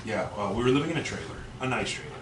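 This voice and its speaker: A man's voice: mid-range voice, expressive, rapid-fire, a loud crowd. A man, a podcast co-host, telling a long rambling story in casual, profane talk full of restarts. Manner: rambling, profane, self-interrupting. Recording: echoey, distant, noisy room mic.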